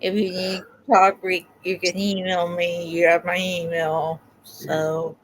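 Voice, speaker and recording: A woman hosting a livestream who talks softly and sympathetically with her guests. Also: lowish voice, level tone, unhurried, a little hiss or hum, poor audio. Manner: soft, sympathetic. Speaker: livestream host. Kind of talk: casual livestream chat.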